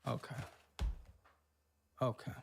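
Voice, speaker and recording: A man's voice: slow pace, a little hiss or hum. Guy host tearing into someone's spending, harsh and sneering, swears a lot, studio mic. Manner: harsh, scornful, profane tirade. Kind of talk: berating financial review.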